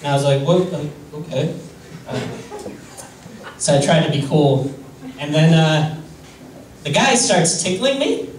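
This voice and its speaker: A man doing a stand-up comedy set on a club stage, deadpan and self-deprecating, hesitant with many fillers. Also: fairly high pitch, measured pace, pauses often. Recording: roomy distant club recording with noise.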